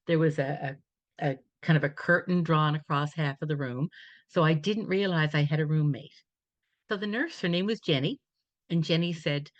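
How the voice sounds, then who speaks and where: A woman's voice: on the low side, no echo. A woman speaker on a webinar, telling a personal faith story in a reflective, storytelling way. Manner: reflective storytelling, quoting others in dialogue. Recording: dull dry webinar audio.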